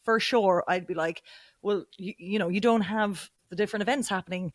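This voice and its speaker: A young adult Irish woman hosting a podcast, chatting casually with quick asides and the odd swear. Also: mid-range voice, steady tone, dry recording. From Ireland. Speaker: podcast host. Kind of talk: casual interview chat.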